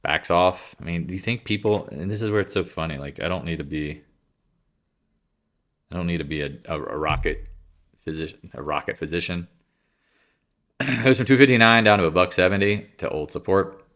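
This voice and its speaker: A man's voice: deep voice, normal speed, pauses often, fairly bright tone. A congested man giving casual, rambling market commentary, bluntly and offhandedly, often interrupting himself. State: congested, clearing throat.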